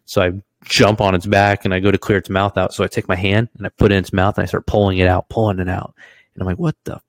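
A man in his thirties co-hosting a podcast, telling a story in an animated way, swearing freely and laughing as he goes. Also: sits low, quick pace, no room sound. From Washington state, US. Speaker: podcast co-host. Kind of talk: casual storytelling chat.

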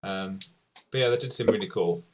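A man's voice: low-pitched, brisk, slight background noise. A man in casual podcast chat, hesitant, with many ums and likes. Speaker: podcast co-host.

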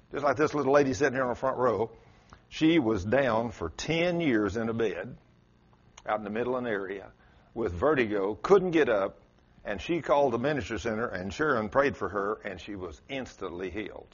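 A man's voice: mid-range voice, lively intonation, moderate pace, slightly rough. Preacher guy, folksy storytelling sermon, church recording sounds kinda dull and lo-fi. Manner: folksy, storytelling, Southern turns of phrase. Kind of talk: folksy sermon with acted-out quotes. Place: church sanctuary with congregation.

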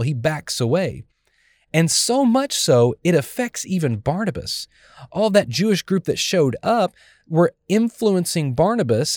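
A man pastor preaching a sermon in an animated way, acting out the scenes of the scripture he is teaching. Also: a little high, dry recording.

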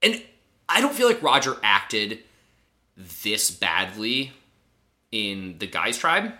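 A man co-hosting a podcast, recapping a reality show in casual chat, animated and sarcastic, swearing freely. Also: lowish voice, slow. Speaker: podcast co-host.

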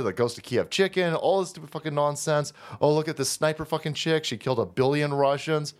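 A man hosting a profane political rant, sarcastic and combative in manner. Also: fairly high pitch. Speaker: political commentary host.

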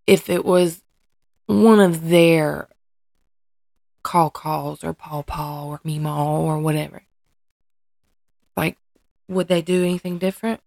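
A woman's voice: deep voice, fairly even intonation, slow pace, creaky, pauses often, a little mellow, no echo. A woman hosting her own podcast, talking candidly and hesitantly about her life, often restarting and searching for words. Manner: earnest and emotionally open. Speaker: podcast host and mother. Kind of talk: candid personal podcast monologue.

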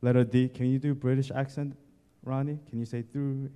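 A man's voice: medium pitch, flat delivery, moderate pace, warm tone, smooth. A male pastor preaching a sermon, addressing the congregation directly and driving points home by repeating key words and lists. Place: church sanctuary. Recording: long church hall reverb.

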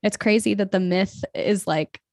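A woman's voice: mid-range voice, moderate pace, darkish tone, no echo, clean studio sound. A woman in casual chat about a TV series who laughs easily and rambles.

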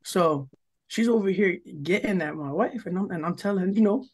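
A man's voice: sits high, normal speed. A young man from New Jersey, co-hosting a podcast, telling a long story in a rambling, profane way and acting out what people said. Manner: rambling, profane, full of "like" and "yo", acts out quoted lines. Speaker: podcast co-host. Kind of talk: casual storytelling chat.

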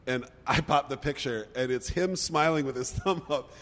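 A man's voice: mid-range voice, moderate pace, fairly bright tone, in a large hall. A man telling a story in casual chat, hesitant with many fillers before he picks up speed. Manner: hesitant, lots of uh and um, then speeds up.

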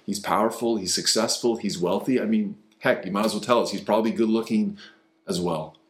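A male pastor preaching a sermon in an earnest way, often repeating words as he builds a point. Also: on the low side. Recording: roomy echo.

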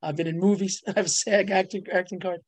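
A middle-aged woman tells stories as a guest in a casual interview. She talks in bursts and laughs often, and her voice leaps higher whenever she reaches a punchline. The sound is dry and close to the mic. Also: fairly even intonation, quick pace, a little mellow, slightly rough, dry recording. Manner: bubbly storyteller, laughs often, voice jumps up on punchlines. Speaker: guest, ghostwriter and publisher. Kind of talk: animated casual interview talk.

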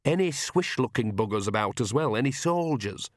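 A man's voice: mid-range voice, expressive, normal speed, no echo, clean studio sound, close to an everyday voice. Man doing a shrewd old country witch. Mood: brisk. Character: cheerful old witch woman, shrewd and bossy.

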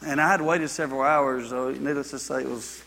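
A man's voice: mid-range voice, fairly even intonation, brisk, creaky, sharp tone, big-room sound. A man preaching a sermon. He tells folksy personal stories and builds to repeated exhortations. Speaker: pastor.

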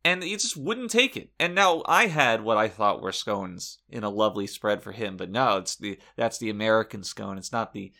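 Gravelly guy on a comedy podcast, bright edgy tone, mock-outraged and cussing. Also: on the low side, normal speed, few pauses. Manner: mock-indignant, swears freely. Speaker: podcast co-host. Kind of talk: comedic in-character podcast chat.

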